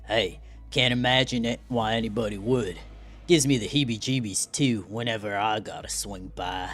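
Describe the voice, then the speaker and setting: A man voicing a brash, folksy male swordsman mentor with a put-on Southern drawl and a rough, cocky way of talking. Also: lowish voice, normal speed, fairly bright tone, soft background music, pitched below the performer's own voice, lightly acted. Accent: put-on American Southern drawl.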